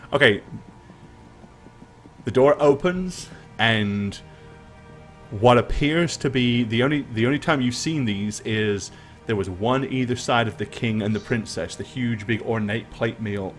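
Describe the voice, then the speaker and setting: A man running a tabletop game as game master, narrating scenes in a relaxed way and laughing often. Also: fairly low pitch, measured pace, faint music behind. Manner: relaxed, laughing often, thanks stream followers.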